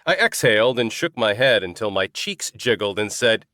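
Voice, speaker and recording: A man's voice: fairly low pitch, sing-song, normal speed, pushed and bright, no echo, clean studio sound. A man narrating a comic fantasy novel in the first person, wry and storytelling. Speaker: audiobook narrator.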